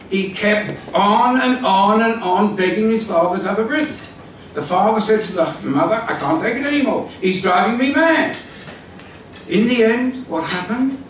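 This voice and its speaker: Older man, storytelling talk, high lively voice, distant, very echoey hall. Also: unhurried, slight background noise. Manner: vivid storytelling with acted-out quotes, lively. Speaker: speaker at a community evening, former school leader. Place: large hall at an evening event.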